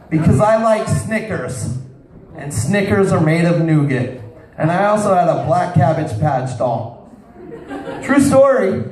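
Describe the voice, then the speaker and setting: A man's voice: high-pitched, a little mellow. A man doing a crude stand-up set in a bar, telling stories and calling out to people in the crowd. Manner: crude, storytelling, talks to the crowd. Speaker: stand-up comedian. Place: bar with live audience. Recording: roomy bar sound, distant mic, crowd noise.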